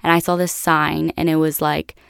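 A woman's voice: deep voice, level tone, normal speed, vocal fry, clear, resonant tone, no echo, studio quality. A young American woman hosting a podcast, chatty and laughing often as she tells a travel story to her listeners. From United States. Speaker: podcast host. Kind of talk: casual solo storytelling.

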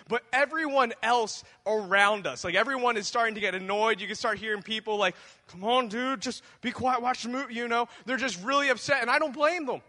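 Male pastor, high bright voice, joking storyteller style, reverberant church hall. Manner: conversational, humorous, addresses the congregation directly. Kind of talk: sermon with personal storytelling.

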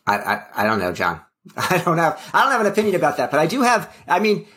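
A man's voice: on the high side, huge pitch swings, fast talker, fairly bright tone. A man co-hosting a health policy talk show, speaking in a wry, hedging way with many fillers. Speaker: podcast co-host. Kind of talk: casual policy discussion.

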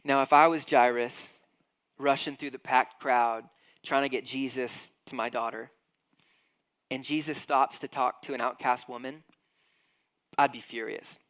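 A man's voice: medium pitch, fairly even intonation, measured pace, pauses often, a bit bright. A man in his thirties preaching a sermon, emphatic and acting out scenes with growing intensity. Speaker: pastor.

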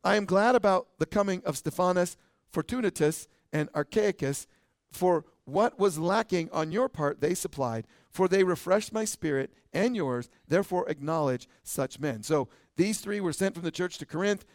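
A pastor in middle age gives a relaxed, joking sermon and keeps checking in with his listeners. His voice sits a little high for a man. The recording is close and dry. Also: normal speed, dry recording. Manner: conversational, joking, frequent "right?" asides.

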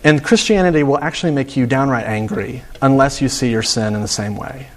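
A man's voice: medium pitch, fairly quick. A man preaching a sermon in an earnest, emphatic way, often repeating words as he presses a point.

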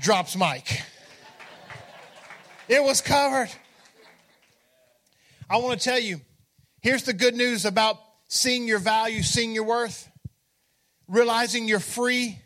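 A man's voice: very high-pitched, slow, long pauses. A man preaching a sermon, telling a funny personal story with energy and calling out to the congregation. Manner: energetic, humorous, calls out to the congregation. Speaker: pastor.

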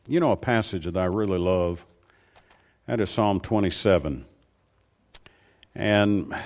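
A man preaching a sermon, slowing down and lifting his voice to stress key phrases. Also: a little mellow. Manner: rises in pitch and volume for emphasis, slows on key words.

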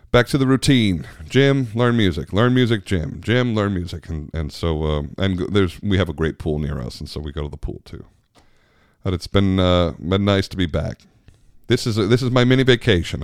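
A man's voice: low voice, no room sound, studio quality. A man hosting his own podcast, talking casually and rambling with frequent laughs. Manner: chatty, rambling, laughs often. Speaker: podcast host. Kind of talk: casual solo podcast chat.

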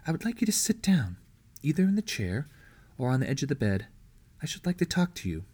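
A frail old lady of rank, over 60 and ill, as a man reads her lines. She speaks in a formal, gentle way in a storybook reading. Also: fairly high pitch, big pitch swings, a little fast, slightly rough, voice pushed up. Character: sickly elderly noblewoman, gentle and grave.

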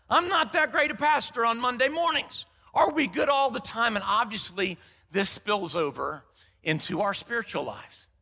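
A man preaching a sermon as pastor, telling a story in an animated way and acting out the dialogue. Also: extremely high pitch, gravelly, breathy edge. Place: large church sanctuary. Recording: long hall reverb.

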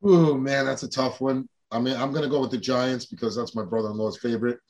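Gravelly laid-back New man. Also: medium pitch, fairly even intonation, fast, a little mellow. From New York, Long Island. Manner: laid-back, swears freely, short answers. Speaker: guest guitarist. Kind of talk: casual interview chat.

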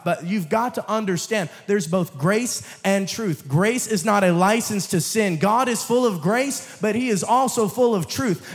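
Young male preacher, joking and then forceful, somewhat high voice, recorded with long hall reverb. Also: unhurried, hardly any pauses, faint music behind, some chatter behind. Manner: swings from low, quiet asides to loud, emphatic calls; jokes with the congregation and laughs. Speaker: guest preacher. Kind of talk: sermon. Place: church sanctuary.

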